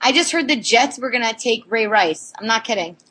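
A woman's voice: a little high, animated, pushed and bright, breathy edge. A woman co-hosting a podcast, chatting casually and candidly, swearing freely. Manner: candid, swears, quick to laugh. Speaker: podcast co-host.

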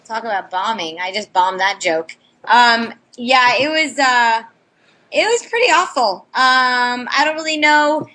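A woman co-hosts a podcast, chatting casually and candidly, swearing freely and laughing easily. Her voice is fairly high, bright, animated, and forceful.

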